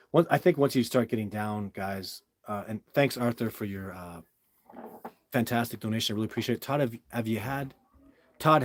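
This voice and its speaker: Middle-aged male live-stream host: husky, dry close sound, emphatic, rambling delivery. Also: on the low side, dry recording. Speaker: Bigfoot researcher answering viewer questions. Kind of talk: live stream Q&A, casual monologue.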